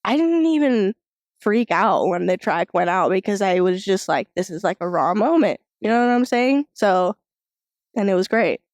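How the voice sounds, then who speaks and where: A young woman guest talks easily about her past, filling her thoughts with casual "like"s. Her tone is relaxed and conversational. The recording is dry and close. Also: mid-range voice, normal speed, dry recording. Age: young adult. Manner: relaxed, many "like" fillers, agreeing murmurs. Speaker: guest, worship leader. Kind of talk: casual interview chat.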